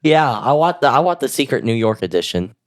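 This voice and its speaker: A man's voice: mid-range voice, very animated, brisk. A man co-hosting a podcast, joking crudely and swearing freely in casual banter. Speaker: podcast co-host.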